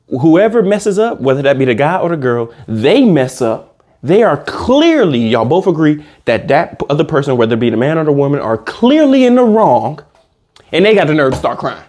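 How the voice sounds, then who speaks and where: A man hosting a comedic reaction video, ranting in casual slang and jumping into high mocking voices. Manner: animated, slangy, swings into high squeaky mock voices. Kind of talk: comedic rant reacting to a reality show.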